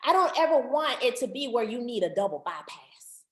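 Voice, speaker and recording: Calling her audience family, a female marriage counselor leads an online workshop with animated delivery, repeating words to drive points home. She speaks briskly in a fairly high voice, with a roomy sound.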